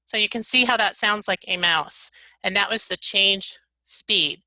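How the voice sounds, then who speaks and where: Woman presenter, bright tone, dry room, upbeat instructional delivery. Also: medium pitch, unhurried, no room sound, poor audio. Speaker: webinar presenter. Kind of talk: software tutorial webinar.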